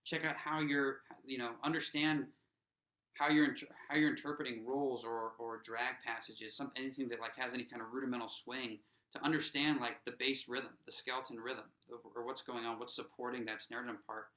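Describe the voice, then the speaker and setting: Bright-voiced man teaching snare drum. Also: medium pitch, steady tone, brisk, echoey room, low-quality recording. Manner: casual, encouraging, many fillers and restarts; counts players in aloud. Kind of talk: teaching a workshop lesson.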